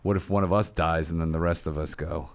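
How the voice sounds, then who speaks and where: A man's voice: rumbling low, steady tone, a little fast, gravelly. A male comedian co-hosting a podcast, chatting casually, joking and swearing.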